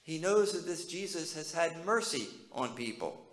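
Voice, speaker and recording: A man's voice: a little high, lively intonation, moderate pace, roomy sound, poor audio. A male pastor preaching a sermon in a conversational way, often asking his listeners questions.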